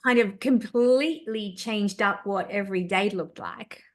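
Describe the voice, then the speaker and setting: A woman's voice: medium pitch, a little slow. A woman hosting a podcast interview who listens attentively and affirms her guest. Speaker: podcast host. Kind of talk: interview conversation.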